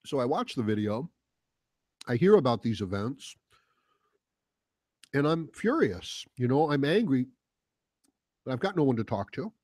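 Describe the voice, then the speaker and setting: Heated ranting man, lively pitch. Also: a little slow, long pauses, no echo, studio quality. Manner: mocking quoted voices. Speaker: political commentary host. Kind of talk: casual monologue.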